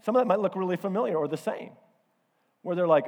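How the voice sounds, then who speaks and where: A man's voice: sits high, animated, brisk, a little mellow. A man preaching a sermon in a conversational, storytelling way, with self-deprecating asides. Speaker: pastor. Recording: reverberant hall.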